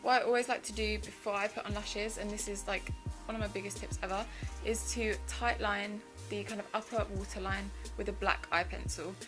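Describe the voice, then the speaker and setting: In this poor-quality clip, a young woman in her twenties enthusiastically chats through a makeup tutorial step by step while music plays behind her. Her mid-range voice is fairly quick, with a fairly even intonation.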